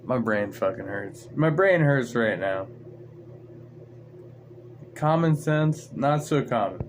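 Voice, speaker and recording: A man's voice: mid-range voice, lively intonation, slow, a little hiss or hum. A man hosting a livestream, ranting in an irritated, profane, sarcastic way. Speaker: livestream host. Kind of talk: casual livestream rant.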